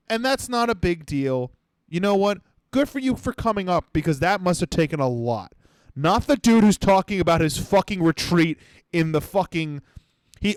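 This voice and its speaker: A young adult man hosts a comedy podcast, delivering a sarcastic comedic rant full of swearing and mocking impressions. His high-pitched voice is expressive at normal speed, with no room sound.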